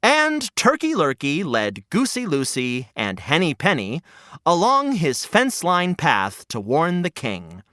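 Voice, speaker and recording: A man hosting a children's story podcast, narrating in a playful, animated way. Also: on the high side, measured pace, no echo, clean studio sound.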